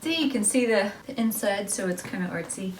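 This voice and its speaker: A woman's voice: medium pitch, fairly quick, a little hiss or hum. A woman chatting casually in a do-it-yourself craft vlog at home, rambling and joking at herself with little laughs. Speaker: vlogger.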